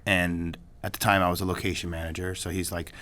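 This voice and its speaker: A filmmaker guest tells a story in a casual interview, rambling with lots of asides, restarts, and "you know what I mean." His voice is deep, bright, and forceful, with a level tone and a quick pace.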